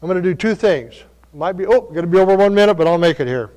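Male preacher, fairly high voice, folksy storyteller, church hall reverb. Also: expressive, fast. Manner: folksy storytelling, shifts between soft asides and loud calls. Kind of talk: sermon.

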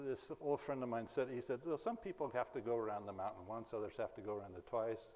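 A man from the Berkeley, California area preaching an informal sermon in a fairly low voice. He talks in a folksy, conversational way, full of personal anecdotes. His voice rings out with a long reverb in a large hall. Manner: conversational, folksy, chuckles at his own jokes.

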